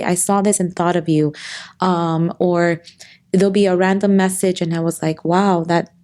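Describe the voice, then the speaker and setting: A woman guest in an interview, talking earnestly and at times tearfully about loss and faith, with halting restarts. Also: lowish voice, darkish tone. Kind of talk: emotional interview conversation.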